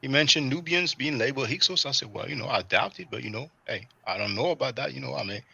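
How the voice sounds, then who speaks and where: A man hosting a livestream in a loose, animated way, peppering his talk with "you know" and "man". His voice is very bright and forward, and he sounds relaxed and conversational rather than scripted. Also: mid-range voice, fast talker, gravelly, husky, no echo, dull audio. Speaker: livestream host. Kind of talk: casual livestream commentary.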